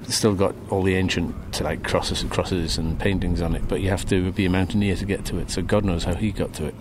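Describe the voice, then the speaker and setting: Man, Geordie accent, middle-aged, lowish voice, relaxed wry talk, outdoors, clear background noise. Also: a little fast. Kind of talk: live outdoor broadcast chat. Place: outdoors on a clifftop. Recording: outdoor noise around the mic.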